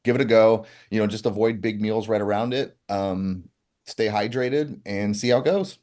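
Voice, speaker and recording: A man co-hosting a live health stream, taking viewer questions and answering them plainly and calmly. He sounds easygoing and reassuring, with a voice a bit lower than most men's. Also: moderate pace. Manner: relaxed, reassuring, matter-of-fact. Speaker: co-host reading viewer questions. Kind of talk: casual livestream chat.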